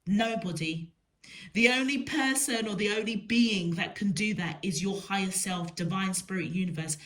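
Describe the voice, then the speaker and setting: A woman giving a spiritual tarot reading, slow and emphatic, repeating words for stress. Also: mid-range voice, a bit bright. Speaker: tarot reader.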